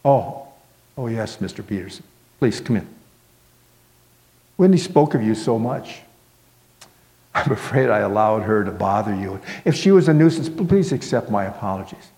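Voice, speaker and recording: A man voicing a soft, faltering grieving mother. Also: fairly low pitch, expressive, moderate pace, long pauses. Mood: apologetic. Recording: long hall reverb.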